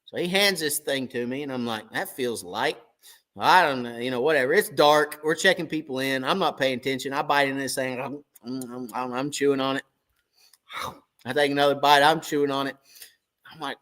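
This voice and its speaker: A man who hosts a fishing channel tells a long story on a live stream and plays both sides of every exchange himself. His voice sits a little high for a man. It has a sharp, bright edge. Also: expressive, normal speed. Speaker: tournament crappie angler and channel host.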